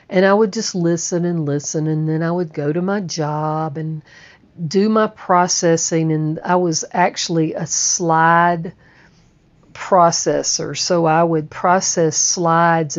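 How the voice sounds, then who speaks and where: Woman, slow unhurried storytelling, halting and repetitive, lowish voice, muffled lo-fi sound. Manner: slow, halting, repeats words. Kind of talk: personal recovery storytelling. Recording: muffled lo-fi recording.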